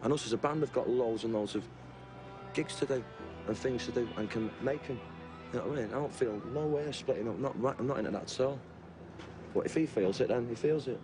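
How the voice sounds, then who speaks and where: A man's voice: medium pitch, brisk, music in the background. A man speaking bluntly and defiantly in an archive interview clip.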